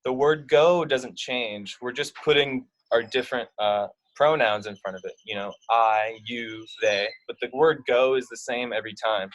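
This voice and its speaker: A man's voice: mid-range voice, normal speed, few pauses, low-quality recording. A man explaining verb endings to young learners, taking his time. He works through each point step by step with plenty of fillers along the way. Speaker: Spanish teacher. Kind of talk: explaining grammar to young students.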